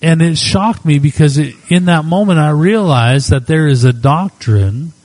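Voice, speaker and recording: A middle-aged man preaching as a pastor, moving between quiet spoken prayer and reflective storytelling. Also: on the high side, no echo, low-quality recording. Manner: unhurried, reflective storytelling with soft prayerful asides.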